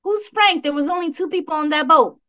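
A woman guest on a chat podcast with a high voice, picked up a little way off the mic. She talks conversationally and pokes at plot holes with skeptical questions. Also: fairly quick, a bit bright, recorded from a distance, lo-fi sound. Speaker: guest co-host.

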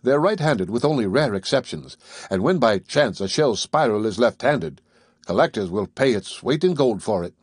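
Man reading an old novel aloud, kinda husky, steady and measured, dry close sound. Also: mid-range voice, dry recording. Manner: measured first-person storytelling. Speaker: audiobook narrator. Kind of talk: scripted audiobook narration.

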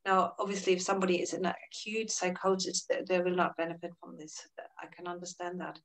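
A woman, a Buddhist therapist and teacher, answering interview questions in a calm, explanatory way, sometimes dropping very soft. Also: on the low side, fast, far from the mic, low-quality recording.

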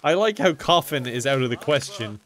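This young man commentates his gameplay casually in an animated, mid-range, slightly bright voice at normal speed. He laughs often, swears, and banters with the game characters using silly mock voices.

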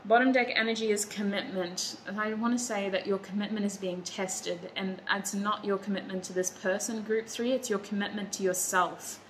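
A woman giving a pick-a-card tarot reading, warm and reassuring, close to tears at times. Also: medium pitch, fairly even intonation, normal speed, few pauses, a little hiss or hum, low-quality recording. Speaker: tarot reader.

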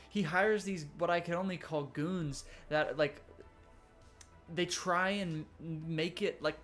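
A young man giving a rambling, exasperated casual review of an animated series, full of fillers. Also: a little high. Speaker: YouTube reviewer.

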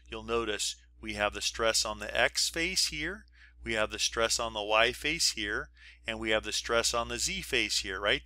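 Bright-voiced man explaining diagrams. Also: mid-range voice, no echo. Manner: explanatory, walks through diagrams step by step; informal asides and checks with listeners. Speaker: engineering professor. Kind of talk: recorded lecture.

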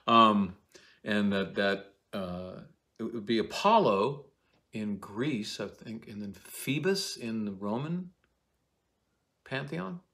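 A man giving a casual Shakespeare lecture, rambling and halting with many fillers and restarts. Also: on the low side, lively intonation, a bit bright.

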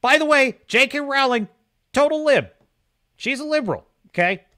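A man's voice: extremely high pitch, lively intonation, normal speed, sharp tone. A man hosting a livestream, giving opinionated, emphatic commentary and often repeating himself for stress. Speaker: host of a streaming show.

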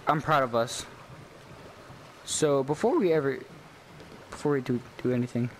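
A young man giving let's-play commentary on a game he has waited for, excitable and cheering on his character. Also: mid-range voice, unhurried, pauses often, slight background noise. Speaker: YouTube gamer.

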